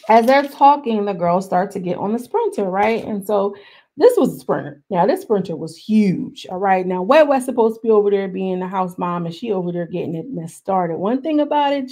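A young woman recaps a reality show in a loose, gossipy way, speaking straight to her viewers. She talks with a medium-pitched voice. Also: warm tone. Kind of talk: casual recap commentary.

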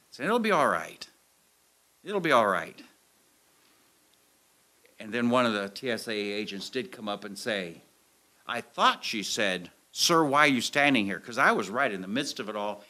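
Male preacher, lively storyteller, bright and tense tone, wide-ranging pitch, acts out the scenes. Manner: animated storyteller acting out scenes. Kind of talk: storytelling sermon. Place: church sanctuary with audience. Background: audience laughter.

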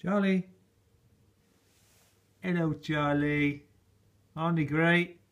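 A man's voice: fairly high pitch, fairly even intonation, slow, dull audio. A man filming a casual home vlog, talking fondly to his new puppies in doting baby talk and chuckling often. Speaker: vlogger. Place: at home indoors.

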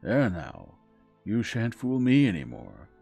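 A big, greedy bully of a man read by a man who blusters and threatens. His voice is very deep and gravelly, with a dark tone and lively swings. Bedtime storybook feel with faint music behind. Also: normal speed, heavily acted. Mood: blustering.

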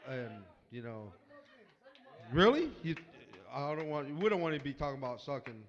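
A man's voice: medium pitch, very animated, normal speed. Crude trash-talking man roasting a friend. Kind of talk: profane improvised roast. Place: pub with guests. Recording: echoey, dull-sounding hall recording.

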